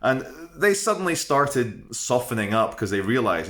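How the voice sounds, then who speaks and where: A man's voice: mid-range voice, very animated, normal speed, hardly any pauses, a bit bright. A man in his thirties telling a personal story to camera in a chatty, rambling, frank way, with fillers and restarts. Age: 30s. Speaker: vlogger.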